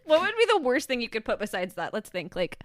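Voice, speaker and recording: A woman's voice: on the high side, huge pitch swings, fast, dry recording. Wry, teasing female podcast co-host. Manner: dry teasing quips, frequent laughs. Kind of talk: casual chat recapping a TV episode.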